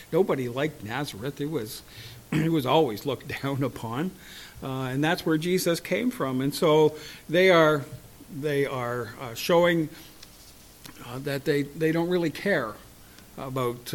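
Unhurried male Bible study teacher, fairly high voice, chuckles often and leans hard on scripture.

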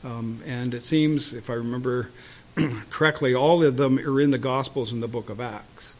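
A man giving a Bible-teaching sermon in a measured teaching tone, pausing with fillers and clearing his throat now and then. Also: medium pitch, fairly even intonation. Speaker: preacher.

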